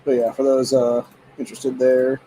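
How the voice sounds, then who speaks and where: A man's voice: medium pitch, level tone, moderate pace, warm tone, a little hiss or hum, poor audio. A man hosting a show, ranting angrily in heated, profane, rambling commentary full of fillers. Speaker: show host. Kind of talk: angry political commentary rant.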